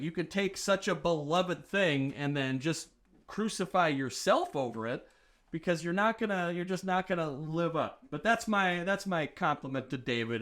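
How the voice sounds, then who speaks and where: A man in casual podcast chat, animated, acting out quoted dialogue and filling with "like". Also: fairly high pitch. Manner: heavy use of filler "like".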